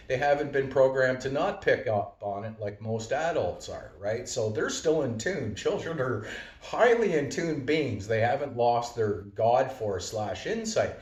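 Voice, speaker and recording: A man's voice: mid-range voice, a little mellow. A man giving a casual, rambling monologue full of fillers and wordplay. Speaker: vlogger. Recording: roomy, distant from mic.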